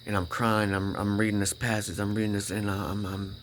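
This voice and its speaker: A man's voice: lowish voice, flat delivery, fairly bright tone, a little hiss or hum. A man telling his personal faith story in a casual, emphatic way. He repeats himself, restarts his sentences and keeps checking in with "right?" and "you know?". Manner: halting restarts when emotional. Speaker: vlogger sharing a personal faith testimony. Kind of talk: casual spoken testimony.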